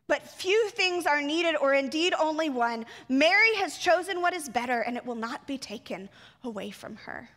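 Woman pastor preaching slowly in a reverberant church sanctuary, high voice. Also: pushed and bright. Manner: reflective, asks the congregation rhetorical questions. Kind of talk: sermon.

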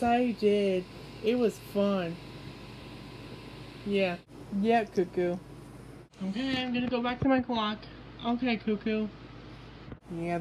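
A woman's voice: a little high, mellow. A woman hosting a homemade skit, voicing toy characters in a playful way, with squealy exclamations. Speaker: hobby video host voicing toy characters. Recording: noisy home recording.

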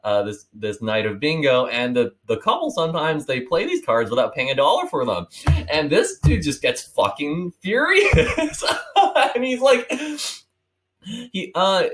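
A young man in his twenties talks through a book in one unbroken take, with loose, rambling, profane chatter. His pitch swings widely as he goes, and he keeps the momentum up rather than stopping to polish. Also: wildly swooping pitch, measured pace, a bit bright. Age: 20s. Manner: rambling, swearing, laughing often. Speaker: book reviewer. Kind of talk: casual one-take monologue.

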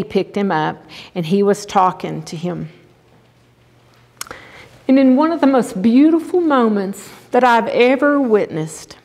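A woman's voice: medium pitch, gravelly, darkish tone. An older woman giving an earnest, conversational chapel sermon, often checking in with "okay?". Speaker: chapel speaker. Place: chapel hall. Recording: long hall reverb.

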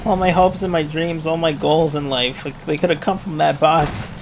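A man's voice: on the high side, steady tone, moderate pace. A man hosting a let's play with jokey gaming commentary and dramatic mock complaints. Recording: game noise loud behind.

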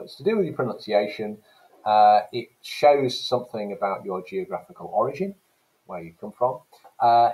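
A man's voice: on the low side, low-quality recording. A man teaching an English language class, explaining terms carefully and emphatically, at times mimicking accents to demonstrate them. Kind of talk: recorded lesson.

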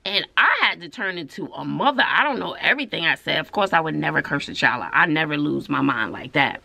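A woman's voice: sits low, fast, creaky. A middle-aged woman, a schoolteacher, telling a story in a casual, sassy and emphatic way. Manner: animated, sassy, emphatic, tosses in "honey" and "child". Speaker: vlogger and schoolteacher.

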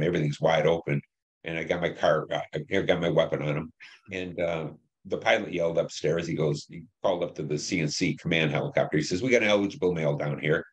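Blunt, deep-voiced older man. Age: 70s. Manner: blunt, profane storytelling. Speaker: Vietnam veteran interviewee. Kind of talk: recounting war memories.

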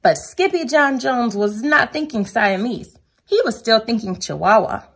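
A woman reading a children's picture book aloud at home, lively and playful, with a sing-song delivery. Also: a little high, unhurried, slightly rough.

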